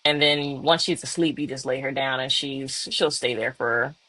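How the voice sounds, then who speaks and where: A woman's voice: rumbling low, moderate pace, a bit bright, no room sound, low-quality recording. A mother co-hosting a podcast, talking candidly about parenting in a rambling way full of "like"s and little laughs. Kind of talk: casual podcast chat.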